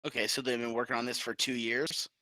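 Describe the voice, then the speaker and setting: A man's voice: mid-range voice, little pitch movement, fast, pushed and bright, dry recording. A man co-hosting a podcast in casual chat, joking and swearing freely. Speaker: podcast co-host.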